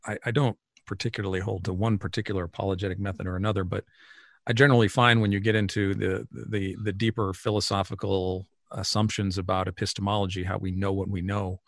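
Man, low voice, earnest and reflective conversational partner. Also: level tone, fast talker, gravelly, no room sound, studio quality. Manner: reflective, earnest, repeats agreement. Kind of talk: casual philosophical conversation.

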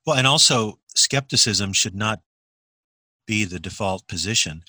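A man in a casual philosophical conversation, making his points in a measured, argumentative and deliberate way. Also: on the low side, lively intonation, sharp tone, no room sound. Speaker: discussion partner.

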